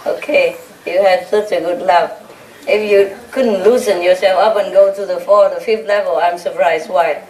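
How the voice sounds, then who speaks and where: With a fairly low, darkish, steady voice at a moderate pace, a woman spiritual teacher gives an informal talk to her disciples. Her manner is teasing, laughing and anecdotal. The distant recording in an echoey room picks up some chatter and a large audience laughing.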